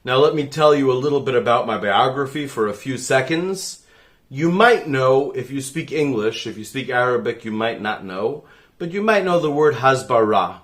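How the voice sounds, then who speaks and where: A middle-aged man, a rabbi, speaking earnestly to the camera and explaining his points slowly, leaning on key words. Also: medium pitch, lively intonation, a bit bright. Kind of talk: direct-to-camera appeal.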